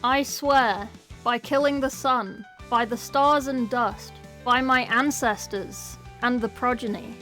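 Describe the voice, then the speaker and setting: A woman's voice: on the high side, takes it slowly, fairly bright tone, faint music behind. A woman reading aloud and voicing a boastful, gloating ancient male schemer in a storybook reading. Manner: gloating, theatrical.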